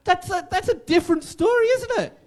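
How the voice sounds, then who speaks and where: High-voiced emphatic male preacher. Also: brisk. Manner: emphatic, repetitive, jokey preaching. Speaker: pastor. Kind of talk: sermon.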